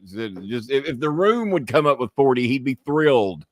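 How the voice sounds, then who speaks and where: A man's voice: medium pitch, sing-song, normal speed. Blunt, profane man hosting a live show. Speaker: podcast host. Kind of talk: casual live-stream chat.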